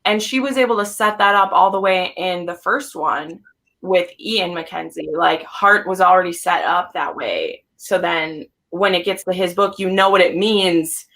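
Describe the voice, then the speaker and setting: A woman hosting a casual group chat, gushing and animated, with lots of fillers. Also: on the low side, unhurried. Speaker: host.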